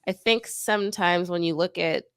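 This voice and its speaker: A middle-aged woman co-hosting a casual sports podcast, animated and quick to question her co-hosts. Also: lowish voice, clear, resonant tone, dry recording. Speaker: podcast co-host. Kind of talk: casual chat.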